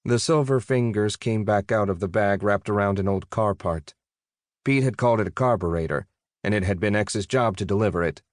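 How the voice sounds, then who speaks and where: A man with a fairly low voice narrates an audiobook at a steady, even pace. The recording is dry and close, with no room sound. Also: a little fast, no room sound. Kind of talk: scripted narration.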